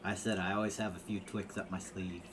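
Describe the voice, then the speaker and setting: A man dropping deadpan one-liner jokes in a casual chat. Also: low voice, brisk, slight background noise. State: married. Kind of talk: casual joke-telling chat.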